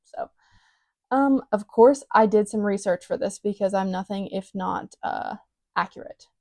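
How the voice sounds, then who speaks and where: A woman's voice: medium pitch, unhurried, darkish tone, dry recording. A young adult woman hosting a podcast, casually reading aloud and adding wry, teasing remarks with many fillers. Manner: wry, teasing self-mockery; filler-heavy, loose delivery. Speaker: podcast host.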